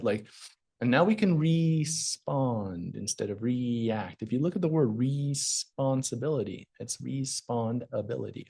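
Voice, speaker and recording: Guy coaching on a podcast, upbeat and punchy, mid-pitched voice. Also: husky. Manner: energetic, emphatic, motivational. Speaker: podcast guest, performance coach. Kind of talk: casual conversational interview.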